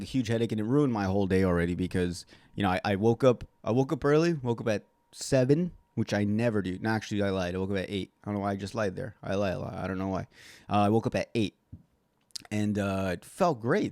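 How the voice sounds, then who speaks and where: A man's voice: lowish voice, darkish tone, no echo. Profane rambling man ranting solo. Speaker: podcast host. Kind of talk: solo podcast rant.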